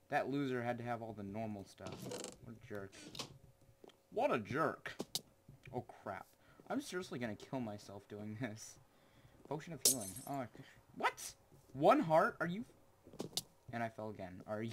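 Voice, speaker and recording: A man's voice: medium pitch, noisy background. Rambling teenage boy gaming commentary. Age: teens. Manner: rambling, jokey, sudden excited yelps. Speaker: gaming channel host. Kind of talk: gameplay commentary.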